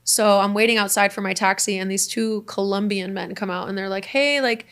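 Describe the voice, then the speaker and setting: A young woman guest in casual conversation, telling a story in an animated way and acting out the voices of the people in it. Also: mid-range voice, brisk, clear, resonant tone. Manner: animated, acts out voices in her stories.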